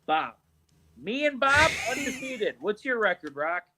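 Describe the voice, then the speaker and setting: A man's voice: sits high, big pitch swings, measured pace, pushed and bright, husky, no echo. A man co-hosting a sports betting podcast, teasing and swearing in a mock-stern way. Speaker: podcast co-host. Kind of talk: casual chat.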